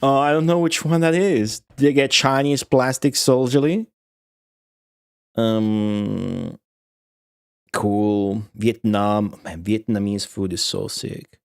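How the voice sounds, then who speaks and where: A young man streams a retro game, chatting casually and profanely with viewers and answering their messages in an offhand way. His fairly low voice is gravelly yet smooth, steady in tone, and slow-paced.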